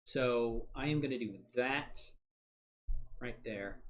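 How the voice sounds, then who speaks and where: A man hosting a software livestream, chatting casually and thinking aloud while he works, rambling and joking at his own expense with frequent laughs. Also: medium pitch, slow pace. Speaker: livestream host.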